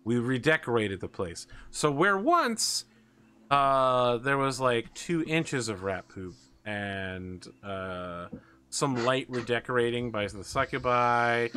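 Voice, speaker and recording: A man's voice: medium pitch, takes it slowly, sharp tone, a little hiss or hum. A man narrating as game master in a casual, joking way with some swearing. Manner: casual, swearing, laughs at own jokes.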